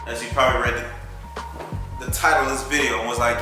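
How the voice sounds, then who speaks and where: A man's voice: mid-range voice, level tone, normal speed, long pauses. A young man hosting his own reaction vlog, rambling and joking with plenty of swearing. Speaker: YouTube reaction host. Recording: very echoey room with music behind.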